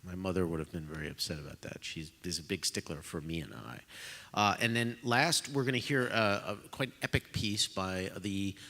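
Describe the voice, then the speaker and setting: Male host, low and bright-toned, self-deprecating, casual, in a concert hall with long reverb. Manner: self-deprecating, joking, halting with fillers. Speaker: host of a pre-concert talk. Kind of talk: casual live talk to an audience.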